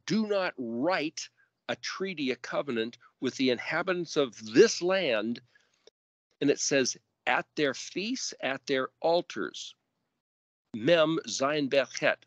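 A man leads a verse-by-verse scripture study at an unhurried, measured pace. He spells out Hebrew letters and roots with care and pushes his voice up emphatically on commands. His voice sits at an ordinary male pitch and sounds dry and close. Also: fairly bright tone, dry recording, lo-fi sound. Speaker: Bible teacher.

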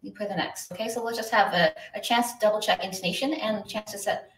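A woman's voice: medium pitch, fast talker, far from the mic. Upbeat woman teaching violin in an echoey room. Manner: chatty, upbeat, answers viewers by name. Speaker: violin teacher hosting a livestream. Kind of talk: live online lesson, reading chat. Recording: echoey room, voice from off the mic, faint hiss.

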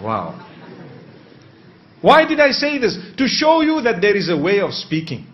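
A man preaching a sermon, measured and posing rhetorical questions he then answers. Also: high-pitched, huge pitch swings. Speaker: Islamic preacher. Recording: dull lo-fi recording.

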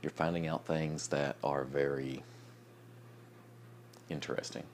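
A young man chatting casually in a late-night vlog, sleepy and yawning, rambling with restarts and soft chuckles. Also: very deep voice, flat delivery, unhurried, a little hiss or hum. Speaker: vlogger.

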